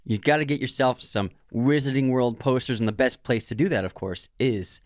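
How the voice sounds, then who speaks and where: A man's voice: mid-range voice, moderate pace, no echo, studio quality. A young man co-hosting a casual film podcast, laughing often as he talks and chatting with loose fillers and restarts. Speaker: podcast co-host.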